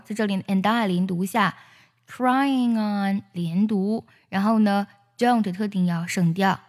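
Explaining where sounds link and drop in English lyrics, a woman whose first language is Chinese then sings every line slowly. She has a medium-pitched, darkish voice, heard in a big room with faint music in the background.

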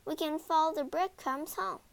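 A woman's voice: high voice, moderate pace, gravelly, voice pushed up. A woman voicing a brave young boy in a read-aloud storybook, speaking earnestly and reassuringly.

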